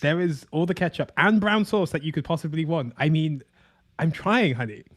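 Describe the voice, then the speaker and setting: A man's voice: fairly high pitch, moderate pace, natural voice. A man playing a pampered young prince husband who boasts cheerfully and obliviously, over a video call. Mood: breezy.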